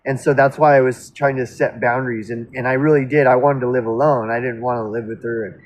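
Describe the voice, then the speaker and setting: A man with a mid-range voice tells a personal story about a past relationship, speaking a little fast with fairly even intonation. His casual monologue rambles and interrupts itself, and he's blunt and outspoken. The recording quality is low.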